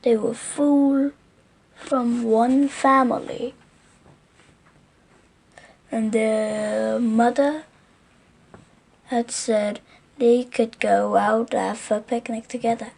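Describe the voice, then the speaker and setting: Woman reading a kids storybook out loud, slow and careful, bit gravelly. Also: fairly high pitch, fairly even intonation. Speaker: reader. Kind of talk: storybook read-aloud.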